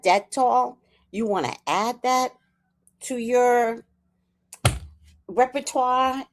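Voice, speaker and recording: A woman from New York City hosting a casual livestream chat, ranting sarcastically and breaking into laughter. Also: fairly high pitch. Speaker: livestream host.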